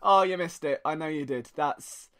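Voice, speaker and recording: A man's voice: fairly high pitch, normal speed, slight background noise. A young man hosting a sports podcast, telling stories in a sarcastic, joking way. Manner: animated, sarcastic storytelling. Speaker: podcast host. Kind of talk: casual sports podcast monologue.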